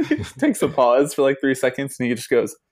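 A man co-hosting a casual sports podcast, animated and laughing as he acts out quotes. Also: medium pitch, brisk. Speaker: podcast co-host.

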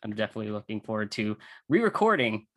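A man's voice: on the low side, big pitch swings, fast, a bit bright, no echo. A man as a podcast guest, speaking fondly and hesitantly with lots of fillers. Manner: hesitant, fond, full of fillers. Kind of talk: casual podcast chat.

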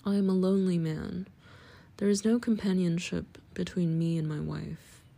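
A man's voice: sits high, fairly even intonation, moderate pace, vocal fry, dark tone. A woman reading the part of a lonely husband who speaks in a thick, tired voice. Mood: pleading.

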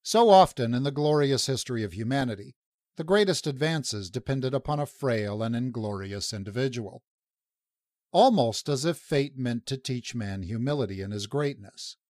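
A man's voice: medium pitch, expressive, moderate pace, a little mellow, no echo. Man narrating an audiobook, dry close sound. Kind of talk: scripted narration.

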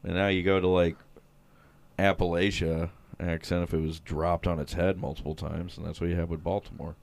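A man's voice: deep voice, flat delivery, fairly quick, vocal fry, no echo. A man co-hosting a podcast, chatting casually about baseball in a crude, joking way. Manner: crude, joking banter, swearing. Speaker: podcast co-host. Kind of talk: casual sports chat.

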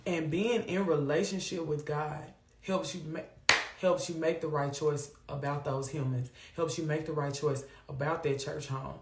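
Lively woman hosting a faith talk. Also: deep voice, moderate pace, heavy background noise. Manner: animated, preachy Southern-flavored vernacular. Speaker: host of a faith livestream. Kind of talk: casual faith talk to viewers. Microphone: phone or webcam on a live stream. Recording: echoey room.

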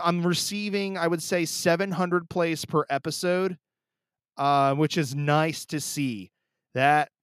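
A man's voice: on the high side, clean tone, no echo, studio quality. Emotional man hosting a solo podcast. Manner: emotional, rambling, with many restarts. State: teary. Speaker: podcast host. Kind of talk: casual solo podcast talk. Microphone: close podcast mic.

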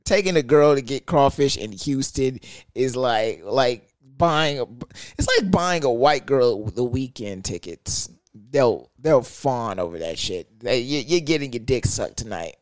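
A man's voice: mid-range voice, animated, unhurried, no echo. A young man telling a profane, slang-heavy story rant.

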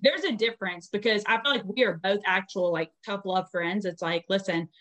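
Young woman host, casual podcast chat, swears freely, blunt and lively. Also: medium pitch, brisk. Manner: blunt, profane, animated storytelling.

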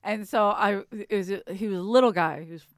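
A woman stand-up comic co-hosting a podcast, telling stories in a lively, laughing way. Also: medium pitch, brisk, no echo, studio quality. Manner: laughing, animated storyteller. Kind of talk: casual comedic storytelling.

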